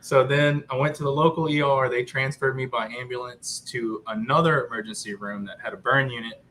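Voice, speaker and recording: A man in his thirties, a guest on a live chat show, telling a story in an animated, joking way with lots of fillers. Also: mid-range voice, fairly quick, a little hiss or hum, rough recording. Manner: joking, upbeat about a grim story.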